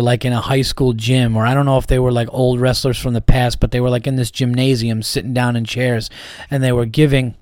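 A man's voice: mid-range voice, darkish tone, dry recording, clean studio sound. A man hosting a podcast in a casual comedic monologue, rambling and profane with lots of restarts. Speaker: podcast host.

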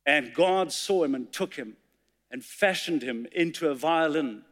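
A man's voice: a little high, expressive, slow, fairly bright tone. A man preaching a sermon, telling a story and reciting poetry with feeling. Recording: long hall reverb.

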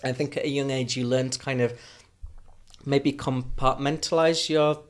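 Chatty young man with a softened Yorkshire accent. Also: medium pitch, normal speed. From Huddersfield, Yorkshire, England. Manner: chatty and animated, jumps into little acted-out exchanges. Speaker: podcast co-host. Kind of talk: casual podcast chat.

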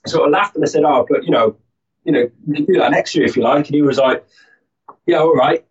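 A man's voice: fairly high pitch, fast, distant mic, dull audio. A man telling stories as an interview guest, rambling with many restarts and fillers. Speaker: guest, army instructor. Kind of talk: casual interview storytelling.

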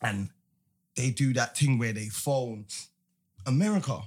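A man's voice: medium pitch, a little slow, a little mellow. A man in casual podcast banter, slangy and repetitive, forever tagging on "innit". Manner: slangy, repeats himself.

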